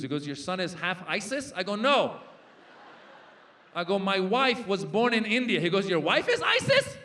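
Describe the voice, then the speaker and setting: A man in his forties doing a stand-up comedy set on a festival stage, animated and jumping into impressions and shouted punchlines. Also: a little high. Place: large festival stage before a live audience.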